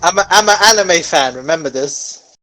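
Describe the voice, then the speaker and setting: A man's voice: fairly high pitch, sharp tone, soft background music, low-quality recording. A man co-hosting a casual podcast, playful and jokey. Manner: playful, jokey, quick to laugh. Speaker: podcast co-host. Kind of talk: casual chat.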